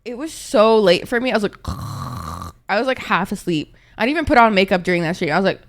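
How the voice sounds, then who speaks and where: A woman's voice: medium pitch, very animated, a little fast, gravelly. A young woman streaming and chatting with her viewers in a casual, dramatic way, swearing freely; she is tired and a little congested.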